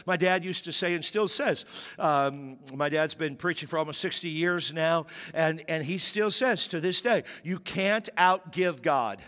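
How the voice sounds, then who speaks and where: A man in his fifties preaching a sermon, telling a childhood story with candid, animated quotes. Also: fairly high pitch, moderate pace. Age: 50s. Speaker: pastor. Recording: long reverb of a large hall.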